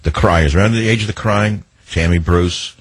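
A man's voice: low-pitched, normal speed, slightly rough, no room sound. A man hosting a talk radio show, delivering a ranting, sarcastic monologue.

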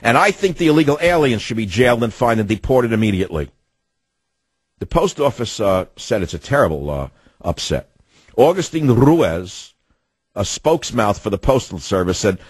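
A man's voice: fairly low pitch, big pitch swings, normal speed, pauses often, slightly rough, no echo. A man hosting a talk radio show, delivering an indignant, ranting monologue with sardonic asides.

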